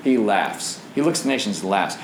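A man preaching and teaching from the Bible, asking the audience questions, his voice swinging from low and grave to high and excited. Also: a little fast, roomy sound, very noisy.

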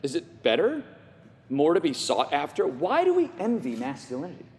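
A man's voice: on the high side, wildly swooping pitch, moderate pace, darkish tone. A middle-aged male pastor preaching an emphatic sermon, full of rhetorical questions, with his voice sometimes catching with emotion. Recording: long hall reverb.

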